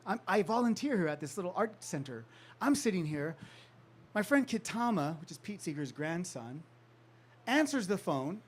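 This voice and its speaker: Guy from california telling a story to a crowd, high voice, acts out the people he quotes, laughs a lot. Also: very animated, moderate pace, breathy edge. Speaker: author giving a talk. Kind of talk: storytelling talk to an audience.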